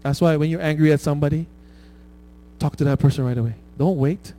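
A man's voice: fairly high pitch, quick pace, mellow. A man preaching a conversational sermon, often asking "right?" and laughing at his own stories.

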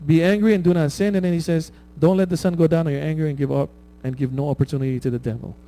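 Racing along in a steady tone, a man preaches a sermon conversationally in a high, mellow voice. He often asks "right?" to check in and chuckles at the examples he gives.

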